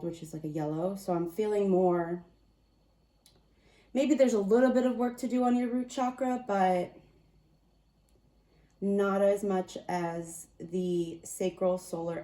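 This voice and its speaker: Woman, fairly low voice, chatty card-reading host, distant mic, roomy sound. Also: mellow. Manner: meandering, chatty, self-amused. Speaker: tarot and oracle card reader. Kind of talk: casual spiritual card reading.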